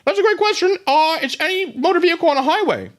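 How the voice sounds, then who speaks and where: Man doing a chirpy talking traffic code, squeaky falsetto, bubbly, overeager. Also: animated, fast, a bit bright. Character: chirpy personified state traffic code, cheery and eager.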